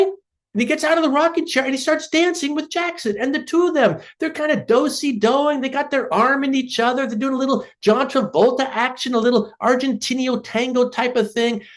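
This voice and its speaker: A middle-aged man, a professor, telling a personal story in a talk, with frequent fillers and restarts. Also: sits high. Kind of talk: storytelling lecture.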